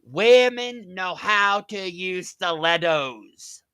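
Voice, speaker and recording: Male vlogger, lively and sarcastic, slow deliberate delivery, bright tone, dry close sound. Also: sits high, clean tone, no room sound. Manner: animated, sarcastic, laughs at his critic. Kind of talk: mocking rant.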